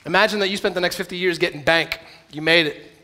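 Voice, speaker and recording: A man preaching at a youth camp in a joking, animated way, often acting out voices. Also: high voice, fast talker. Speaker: youth speaker.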